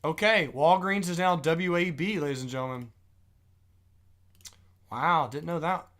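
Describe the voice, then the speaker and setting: A man's voice: a little high, measured pace, a bit bright. A man hosting a live stock trading show, giving casual market commentary with joking asides and thinking aloud.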